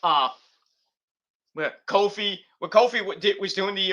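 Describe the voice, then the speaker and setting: A man's voice: a little high, fairly even intonation, fairly quick, pushed and bright. A man hosting a casual late-night wrestling podcast, rambling and profane with lots of fillers. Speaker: podcast host.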